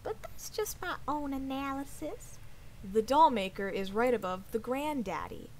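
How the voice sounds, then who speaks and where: A woman's voice: high voice, expressive, measured pace, darkish tone, low-quality recording. A young woman chatting casually while she streams a game, swearing often and sometimes dropping to a whisper. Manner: swears a lot, drops to whispers. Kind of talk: casual let's-play chat.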